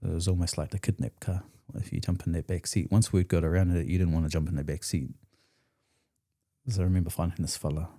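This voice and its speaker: A New Zealand man speaking as a podcast guest, his voice low and dark in tone. He recounts his past candidly, with blunt, slangy, profane phrasing. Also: level tone, quick pace. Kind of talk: candid storytelling in conversation.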